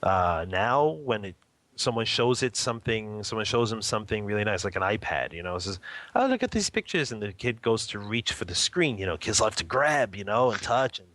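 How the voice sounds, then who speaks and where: A man's voice: lowish voice, normal speed, a bit bright, dry recording. A man guest talking casually about family life and spiritual practice, checking in with "okay?" and "you know" and chuckling often. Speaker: interview guest, home meditation practitioner and father. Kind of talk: casual spoken teaching.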